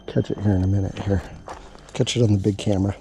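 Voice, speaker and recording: Gravelly-voiced man chatting while cooking outdoors. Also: lowish voice, steady tone, quick pace, background noise. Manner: chatty, jokey, talks to himself while working. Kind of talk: casual cooking vlog chat. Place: outdoors at a camp cooking spot.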